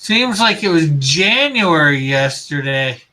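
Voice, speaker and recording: Slow, bright-voiced man chatting on stream. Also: fairly high pitch. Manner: relaxed, reads viewer comments aloud, laughs at own jokes. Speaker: comic artist streaming while drawing. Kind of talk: casual live-stream chat.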